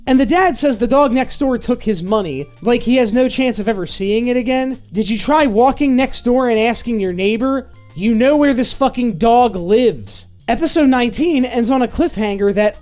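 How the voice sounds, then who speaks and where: An exasperated reviewer with a lively, swinging delivery, tearing into an old TV series. The narration is sarcastic and full of swearing. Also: medium pitch. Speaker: video reviewer. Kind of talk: profane comedic review commentary.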